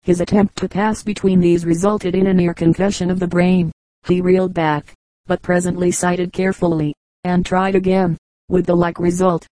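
Lady reading funny little stories, mellow and pretty flat, no room sound. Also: on the low side, moderate pace, no echo, rough recording. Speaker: audiobook reader. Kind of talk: scripted narration of short anecdotes.

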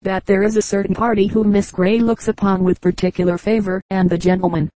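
A woman voicing a fashionable young gentleman, a chatty and self-satisfied suitor speaking with soft, courteous civility. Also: medium pitch, little pitch movement, a little fast, dry recording, close to an everyday voice, low-quality recording. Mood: polite chatter.

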